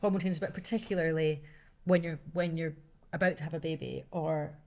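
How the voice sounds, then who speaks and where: A woman's voice: deep voice, fairly even intonation, a little fast, dark tone. A woman co-hosting a podcast, speaking candidly and casually. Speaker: podcast host. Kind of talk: podcast conversation.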